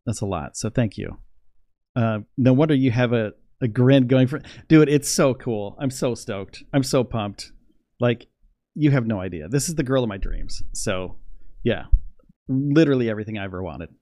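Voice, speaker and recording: A young man chatting casually on a livestream, rambling and excitable, laughing often. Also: medium pitch, moderate pace, dry recording, clean studio sound. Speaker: space news livestreamer.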